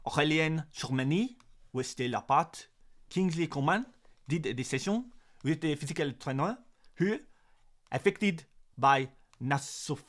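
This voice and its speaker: A man reading a tweet aloud in a put-on mock French accent, slow and hammy. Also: a little high, lively intonation, a bit bright.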